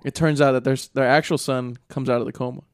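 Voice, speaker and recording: A man's voice: medium pitch, fairly even intonation, fast talker, dry recording. A young man casually retelling a film plot on a podcast, rambling and swearing, with lots of fillers. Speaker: podcast co-host.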